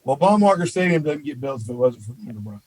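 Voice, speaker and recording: A man who is a college baseball head coach, a podcast guest telling stories in a casual, animated way and filling his talk with "you know.". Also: mid-range voice, fast, no room sound, poor audio. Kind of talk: casual storytelling in an interview.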